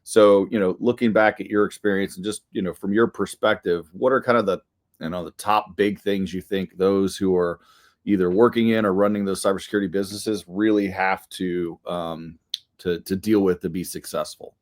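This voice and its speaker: Low-voiced man hosting a podcast. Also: fairly even intonation, normal speed. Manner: chatty, filler-heavy questions. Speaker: podcast host. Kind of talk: casual podcast interview.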